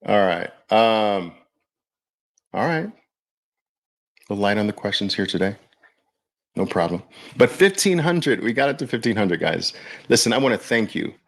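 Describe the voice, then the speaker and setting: Man, podcast host, low gravelly voice, slow casual livestream chat, talks directly to viewers. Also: lively intonation. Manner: loose, chatty, addresses viewers directly.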